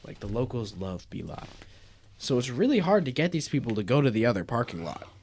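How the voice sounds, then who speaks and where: A young man chatting casually about his job in a relaxed, rambling way with many fillers. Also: medium pitch, fairly quick, slight background noise. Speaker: podcast co-host. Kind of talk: casual chat.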